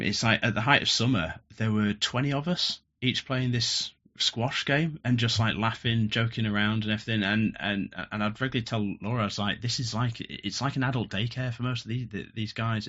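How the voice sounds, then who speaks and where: A man's voice: lowish voice, a little fast, hardly any pauses, bright, forceful tone, dull audio. Laughing, rambling man storyteller. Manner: rambling, laughs often, frequent restarts. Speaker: podcast guest. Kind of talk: casual storytelling. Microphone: headphones with podcast mic.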